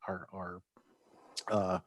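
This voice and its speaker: A man's voice: low-pitched, little pitch movement, no echo. A man moderates a panel from a dry, close-sounding spot on a video call. He halts often and stretches out his uhs, and he drops in joking asides. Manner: halting, drawn-out fillers, joking asides. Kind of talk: convention panel discussion.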